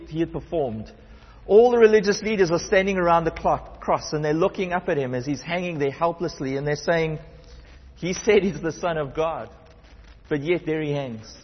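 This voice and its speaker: Husky-voiced man preaching in a hall. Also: high voice, dull audio. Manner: reads scripture aloud, rising and dropping to hushed emphasis. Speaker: pastor. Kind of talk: sermon.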